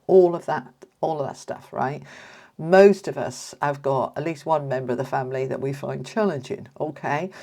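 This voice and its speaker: A woman's voice: low voice, a little mellow. A woman giving a casual, chatty tarot reading to camera, talking to her viewers like friends. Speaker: tarot reader.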